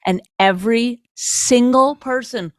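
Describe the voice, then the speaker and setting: A middle-aged woman co-hosting a podcast, telling a story in an exasperated, animated way and acting out the people in it. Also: fairly high pitch, slow pace, dry recording, studio quality. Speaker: podcast co-host. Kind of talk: casual chat.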